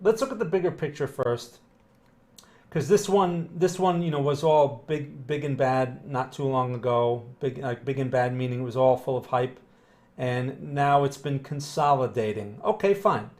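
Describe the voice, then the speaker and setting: A man's voice: medium pitch, moderate pace, darkish tone. A man hosting a live chart analysis stream, talking casually and rambling, checking in with "right?" and greeting viewers. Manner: casual, rambling, with frequent tag questions. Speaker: market analyst host.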